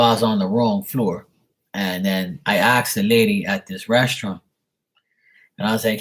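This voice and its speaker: Husky low-voiced man, rambling chat. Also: normal speed. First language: Portuguese spoken at home. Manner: rambling, profane, repeats words. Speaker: live tarot reader. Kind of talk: casual livestream chat.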